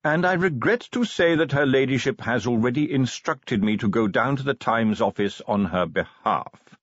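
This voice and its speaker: A man voicing a prim, smooth-spoken middle-aged butler with a formal, deferential manner in an audiobook. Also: mid-range voice, expressive, moderate pace, fairly bright tone, dry recording, highs cut off, voice pushed up.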